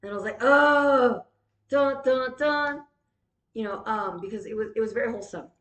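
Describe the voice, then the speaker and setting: A woman doing a rambling comic improv monologue, silly and swearing, with deadpan asides and quick self-corrections. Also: fairly high pitch. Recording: roomy echo.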